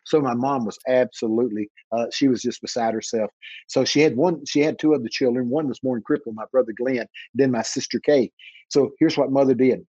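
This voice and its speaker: A man's voice: medium pitch, steady tone, dark tone, breathy edge, no echo, lo-fi sound. A man, telling dramatic personal stories in an interview and acting out the voices. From Texas. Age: 80s. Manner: dramatic storyteller who acts out voices, slows down for emphasis. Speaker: minister being interviewed. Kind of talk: animated personal storytelling.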